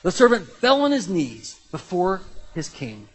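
A man preaching a sermon in a conversational, animated way, with sudden jumps in pitch and loudness. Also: unhurried, slightly rough, low-quality recording. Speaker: pastor.

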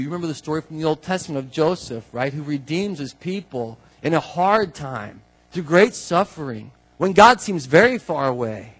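A man, a pastor, preaching a conversational sermon, asking his listeners questions and building to emphatic, drawn-out declarations. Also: fairly high pitch, animated, slightly rough, poor audio. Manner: conversational, asks the congregation questions.

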